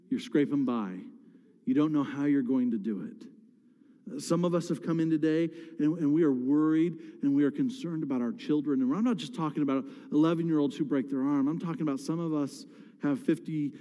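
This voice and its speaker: A man's voice: fairly high pitch, warm tone. A middle-aged man, a pastor, preaching a candid and emotional sermon with frequent restarts. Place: church sanctuary. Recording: long hall reverb.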